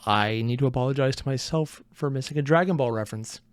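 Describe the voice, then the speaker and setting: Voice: mid-range voice, fast, clear, resonant tone, no room sound, clean studio sound. A host giving casual reaction commentary to an audio drama, chatty and often poking fun at themselves. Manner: chatty and self-mocking, with frequent likes and asides.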